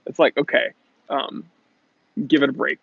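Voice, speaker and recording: A man's voice: medium pitch, steady tone, moderate pace, creaky, fairly bright tone, husky, dry recording, highs cut off. A man hosting a casual livestream Q&A about watches, playful and chatty, reading out viewer comments. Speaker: watch channel host. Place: Los Angeles.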